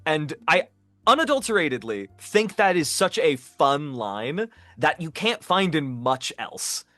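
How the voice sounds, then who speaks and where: A man's voice: a little high, sing-song, measured pace, a bit bright, dry recording. A man chatting casually on a virtual convention panel, swearing freely and laughing often. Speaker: voice actor panel guest. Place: online video call.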